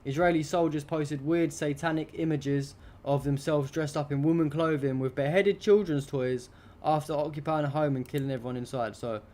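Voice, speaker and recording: A man's voice: on the high side, steady tone, moderate pace, few pauses, a little mellow. A young adult man hosting a live stream, commenting on news pictures in an indignant, rambling, heavily profane way.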